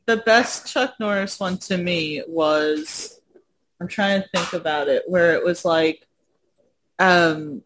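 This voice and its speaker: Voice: mid-range voice, slow pace. A speaker in casual chat, enthusiastic, swearing casually and laughing often. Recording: faint background noise.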